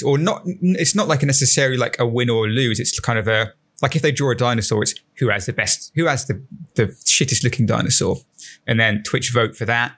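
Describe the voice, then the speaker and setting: A man talks on a podcast in a rambling, hesitant way. He keeps restarting his sentences. His voice sits at an average pitch. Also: creaky, a bit bright, husky. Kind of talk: casual podcast chat.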